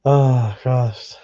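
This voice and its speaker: A livestream host reads viewer messages aloud in casual live chat, bantering with plenty of jokes and swearing. His medium-pitched voice sounds mellow, and the audio is lo-fi.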